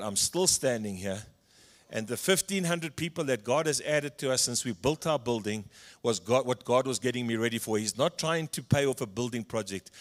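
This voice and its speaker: A middle-aged man from South Africa preaching a sermon, telling personal stories and acting out the dialogue, swinging between loud passages and hushed ones. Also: mid-range voice. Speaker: pastor.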